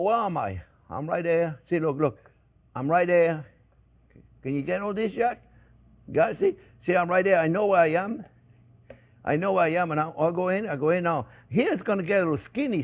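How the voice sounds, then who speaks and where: A man's voice: high voice, animated, fairly quick. An older man with a French accent, demonstrating a recipe in a kitchen in a chatty, repetitive way, often calling his viewers friends. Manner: chatty, repeats himself, addresses viewers as friends. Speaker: cooking show host. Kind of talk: casual cooking demonstration.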